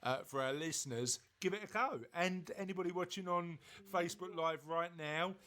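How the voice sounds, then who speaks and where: Chatty man with a higher voice. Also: moderate pace, bright, forceful tone. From southeast England. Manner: chatty, jokey, stumbles over words. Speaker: podcast co-host. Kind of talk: casual podcast chat, reading news aloud.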